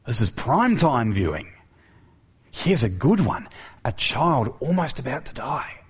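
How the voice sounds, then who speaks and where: A man's voice: mid-range voice, very animated, unhurried, slightly rough, exaggerated voice. A man voicing a gleeful onlooker in a crowd who is eager for a spectacle, in a dull, lo-fi recording.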